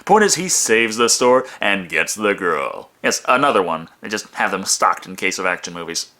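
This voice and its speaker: A man narrating a comedic movie review in a sarcastic, profane, animated way. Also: on the low side, normal speed.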